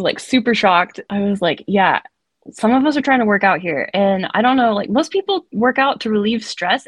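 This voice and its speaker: A woman's voice: mid-range voice, no echo. A woman podcast co-host telling a story in a casual, chatty way, often saying "like".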